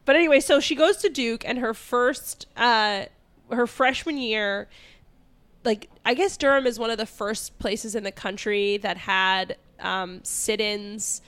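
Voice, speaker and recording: Brief: young woman, podcast co-host, pitch a touch high, loose and chatty, laughs easily. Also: unhurried, fairly bright tone. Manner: chatty, laughs often, trails off and restarts. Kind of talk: casual chat, retelling history.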